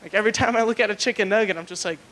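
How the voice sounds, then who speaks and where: Young male stand-up comic, high voice, rambling, lots of fillers, crude jokes, live club stage. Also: racing, fairly bright tone. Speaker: stand-up comedian. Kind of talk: stand-up comedy set.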